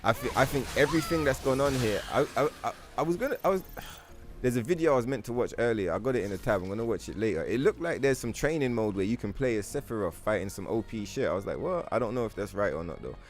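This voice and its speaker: A man livestreaming a game, talking to his chat in a rambling, profane, animated way. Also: medium pitch, fast talker. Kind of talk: casual gaming stream chat.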